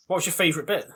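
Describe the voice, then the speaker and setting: A man's voice: fairly high pitch, fairly bright tone, slightly rough. A man co-hosting a crude comedy podcast, playful, swearing and laughing often. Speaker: podcast co-host.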